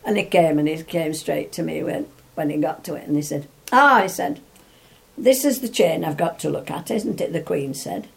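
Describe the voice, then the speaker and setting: In this interview, an older woman with a deep, slightly mellow voice and some vocal fry recalls a story at a moderate pace. She wanders as she tells it, restarting often and laughing along the way.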